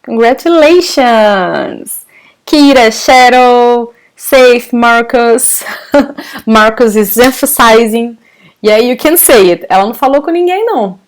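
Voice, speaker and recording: A Brazilian woman with a Brazilian Portuguese accent leads a live online language lesson. She talks at an unhurried pace with a slightly high voice. She praises her students and laughs easily as she reads out their comments. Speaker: language teacher.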